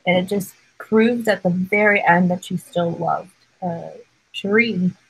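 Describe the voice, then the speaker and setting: A woman talks through a TV episode in a loose fan chat, her sentences wandering and packed with "like". Her voice sits on the low side and has a husky, breathy edge. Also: a little slow, low-quality recording. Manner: rambling, heavy use of "like". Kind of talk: casual fan discussion of a TV episode.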